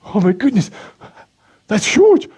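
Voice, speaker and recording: A man voicing an excitable, proud Slovak man with a Slovak accent who speaks broken English, gushes and panics easily. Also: sits high, slow pace, slightly rough, voice pushed up, exaggerated voice. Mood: alarmed.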